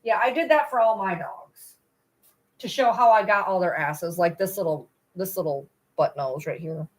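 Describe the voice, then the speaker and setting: A woman with a fairly low voice chats casually on a livestream at a normal pace. She rambles, coos to her dogs between remarks, and is blunt, swearing now and then.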